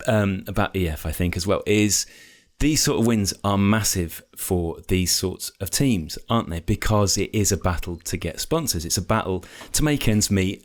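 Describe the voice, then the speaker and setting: A man hosting a cycling podcast in casual chat, measured and diplomatic, steering the talk from point to point. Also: low voice. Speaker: podcast host.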